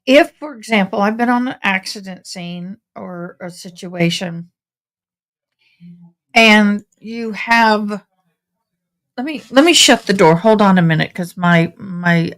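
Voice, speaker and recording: A woman's voice: medium pitch, takes it slowly, vocal fry. A tired woman, chatting casually and rambling to viewers on a home livestream. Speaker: livestream host commenting on a trial.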